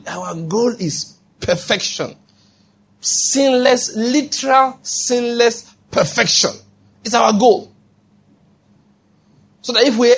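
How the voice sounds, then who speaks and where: A man preaching a sermon as pastor, animated, acting out quoted voices and checking in with the congregation. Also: high-pitched, husky.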